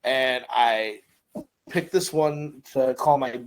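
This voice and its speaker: Speaking slowly at a medium pitch, this middle-aged man co-hosts an easygoing podcast. He asks questions and tells stories with energy, voicing the people in them.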